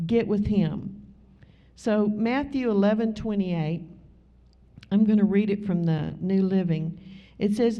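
A woman with a Southern US accent, preaching a sermon in a folksy, conversational way with drawn-out emphasis. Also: medium pitch. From Southern United States. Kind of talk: sermon with storytelling. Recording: slightly muffled recording.

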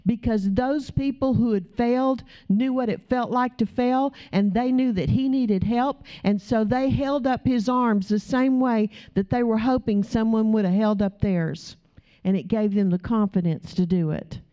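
A woman preacher gives a chatty, storytelling sermon, breaking off for asides to the congregation. Her slightly high, warm voice moves a little slowly, captured on a dull lo-fi recording.

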